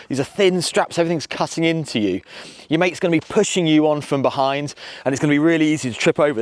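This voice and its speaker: A man guiding a walk across a battlefield, explaining events in a lively, conversational way, outdoors on a rocky hillside. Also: fairly high pitch, no room sound. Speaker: historian guide.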